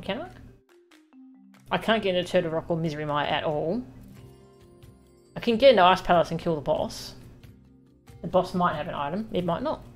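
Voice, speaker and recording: A woman giving casual live commentary while she plays a video game, chatting and teasing the boss out loud. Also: lowish voice. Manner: chatty, teases the game's boss aloud. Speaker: game streamer.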